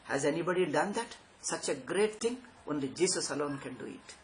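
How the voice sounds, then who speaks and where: A man's voice: on the high side, expressive, a little fast, slight background noise, rough recording. A man giving a spiritual lecture, sarcastic and emphatic, often repeating his phrases. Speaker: Vedanta teacher.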